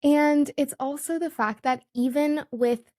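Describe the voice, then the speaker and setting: A woman's voice: high-pitched, steady tone, measured pace, darkish tone. A woman hosting a podcast interview, affirming her guest and leaning on filler words like "you know". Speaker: podcast host. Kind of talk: interviewing conversationally.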